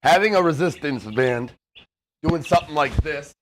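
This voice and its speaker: A man's voice: on the high side, normal speed, a little hiss or hum. A young man livestreaming from a gym, delivering a profane, intense motivational rant and gym tips. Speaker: fitness livestreamer.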